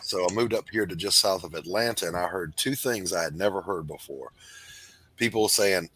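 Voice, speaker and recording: A man's voice: low voice, moderate pace, breathy edge, rough recording. A man with a Southern American accent, casually telling stories on a group livestream and imitating how people talk. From American South, coastal. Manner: storytelling, mimics accents loudly.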